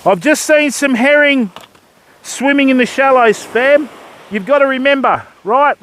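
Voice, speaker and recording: A man's voice: very high-pitched, measured pace, fairly bright tone, a little hiss or hum. An older Australian man hosting a fishing livestream from a beach, chatting casually and greeting viewers as mate and bud while he rigs and casts. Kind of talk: casual live-stream chat while fishing. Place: beach by the surf, outdoors.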